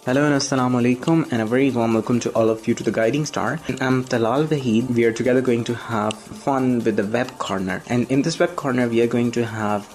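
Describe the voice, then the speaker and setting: A man's voice: medium pitch, fairly even intonation, fairly quick, few pauses, darkish tone. Pakistani man hosting a web segment. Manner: welcoming, explanatory, spells things out. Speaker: segment host.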